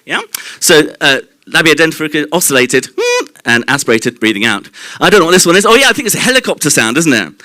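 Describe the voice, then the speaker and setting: Bright, lively male presenter. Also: a little high, fast talker, dry recording. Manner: lively and explanatory, demonstrates mouth sounds and quizzes the audience. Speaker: presenter at a live short-talk night. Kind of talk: live stage presentation. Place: club venue at a live evening event.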